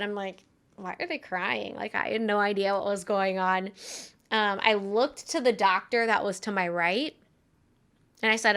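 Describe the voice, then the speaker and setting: A young woman co-hosting a podcast tells a personal story. Her voice is bright and crisp, and her tone is earnest and conversational, with plenty of "um"s along the way. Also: mid-range voice. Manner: earnest, conversational with frequent fillers. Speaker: podcast co-host.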